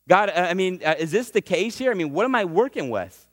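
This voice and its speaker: A man's voice: sits high, animated, brisk, few pauses, fairly bright tone, no echo, studio quality, in a large hall. A man preaching a sermon in a conversational way, sometimes acting out prayers and what God says. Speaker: pastor.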